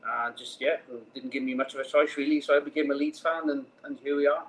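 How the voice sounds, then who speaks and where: A Welsh man with a Welsh accent, a guest on a casual podcast, relaxed and quick to laugh, with some hesitant starts. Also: mid-range voice, poor audio. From Wales.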